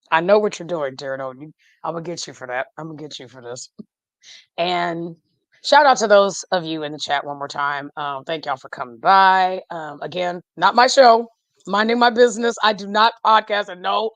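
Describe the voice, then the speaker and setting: A woman, a podcast guest chatting casually about football, animated and laughing often, trailing off mid-thought. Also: fairly low pitch, no echo. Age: 40s. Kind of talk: casual fan chat.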